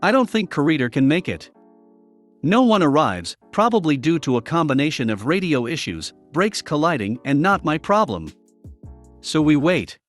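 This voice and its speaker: A man narrating reddit revenge stories in a scripted, animated storytelling manner. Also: fairly high pitch, moderate pace. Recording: faint background music.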